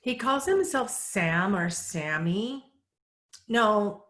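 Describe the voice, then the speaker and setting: Woman medium at a medium pitch, calm and measured, relaying messages, recorded in an echoey room. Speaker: psychic medium. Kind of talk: casual live Q&A.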